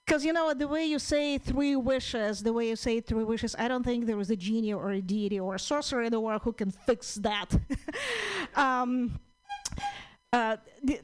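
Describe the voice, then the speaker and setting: A woman comedian with a Russian-Ukrainian accent, a native Russian speaker doing a deadpan stand-up set at an open mic, with many pauses and ums. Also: on the high side, smooth, rough recording.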